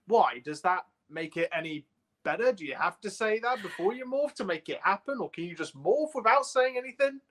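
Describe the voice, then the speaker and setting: A man's voice: sits high, expressive, fairly quick, a bit bright. A man co-hosting a casual podcast chat, exasperated, firing rhetorical questions and laughing often. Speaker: podcast co-host.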